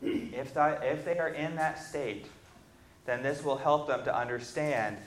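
Guy giving a bible sermon, voice a bit high, punches his lists hard, some uh's, roomy echo. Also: unhurried. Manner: reads scripture then explains, rising emphatic lists, some hesitant fillers. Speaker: preacher teaching on repentance. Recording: echoey room.

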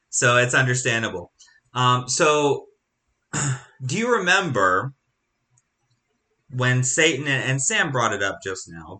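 A man leading a Bible study in a halting, conversational way, full of restarts and rhetorical questions. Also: mid-range voice, bright, forceful tone. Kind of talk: casual Bible teaching.

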